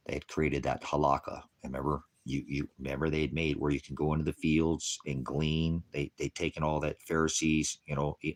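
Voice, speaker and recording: Very deep-voiced man ranting. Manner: combative, mocking and profane; chuckles often between remarks. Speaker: online preacher. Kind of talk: ranting livestream sermon answering comments.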